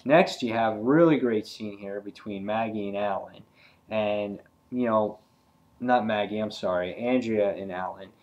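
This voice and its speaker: A man's voice: on the low side, measured pace, a little mellow, dull audio. A man casually reviewing a comic book, rambling with frequent fillers and restarts.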